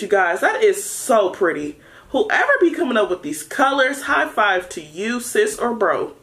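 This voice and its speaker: A young adult woman chatting through a casual unboxing vlog, excitable and playful with lots of slang. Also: mid-range voice, a little slow. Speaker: vlogger.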